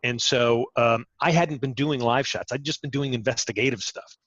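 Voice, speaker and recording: Middle-aged man, ex-TV reporter, energetic guest who stumbles into sentences; dull, dry call audio. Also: medium pitch, moderate pace, no room sound. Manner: energetic, repeats words when starting sentences. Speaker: interview guest, former TV reporter. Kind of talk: conversational advice.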